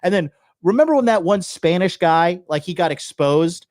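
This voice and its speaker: A man's voice: high-pitched, lively intonation, normal speed, darkish tone, no echo, clean studio sound. A young man hosting a live call-in show, giving blunt, profane commentary on a clip. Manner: blunt and profane, loose and swaggering.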